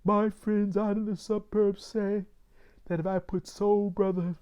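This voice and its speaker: A fretful older immigrant neighbor, put on by a man telling a story, pleads in a high, strained voice. The words come slowly and anxiously. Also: level tone, mellow, clean tone.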